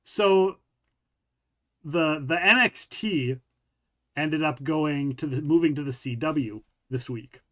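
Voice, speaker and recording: A man's voice: fairly high pitch, takes it slowly, pauses often, a bit bright. A man hosting a casual podcast, chatting with a friend and reading a news article aloud, often stumbling and rereading lines. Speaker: podcast host.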